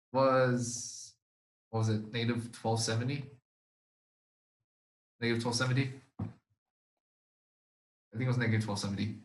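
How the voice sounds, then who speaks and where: A man's voice: medium pitch, fairly bright tone, poor audio. Casual, swearing young male chemistry tutor. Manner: casual and easily flustered, swearing and laughing at himself. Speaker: supplemental instruction leader.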